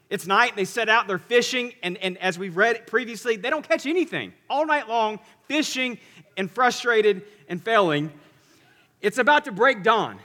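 A male pastor preaching a sermon in a church, telling the story in an animated way and swinging between loud and hushed delivery. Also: high voice, brisk. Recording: long hall reverb.

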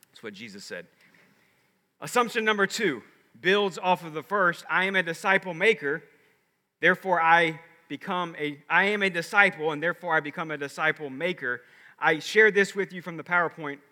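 A man preaching from the pulpit with a high, bright voice that rings through a big sanctuary. He builds his points with emphatic rhetorical questions. Long reverb trails each phrase. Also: fairly quick. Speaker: pastor. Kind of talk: sermon. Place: large church with a balcony.

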